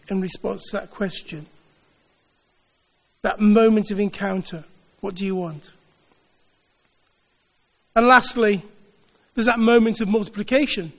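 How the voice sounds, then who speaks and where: A man's voice: sits high, unhurried, long pauses, big-room sound. A man preaching a sermon, earnest, building his points with repeated phrases. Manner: earnest, repetitive rhetorical build-ups. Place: church.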